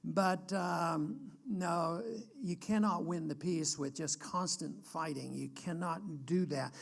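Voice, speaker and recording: Older American man, high creaky voice. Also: steady tone. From United States. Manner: earnest, emphatic, halting with restarts. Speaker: guest speaker. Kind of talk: political speech.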